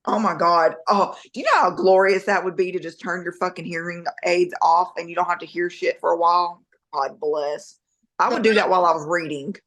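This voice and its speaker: A woman's voice: lowish voice, a little fast, a bit bright. A middle-aged woman co-hosting a podcast in casual chat, blunt and agreeable, swearing freely. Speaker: podcast co-host.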